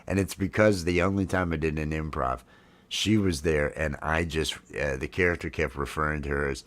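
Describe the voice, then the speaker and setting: Hosting a casual stream from home while drinking coffee, this man in his fifties speaks in a rumbling low voice that's a bit bright. His tone stays steady and his pace moderate as he rambles through fillers and restarts.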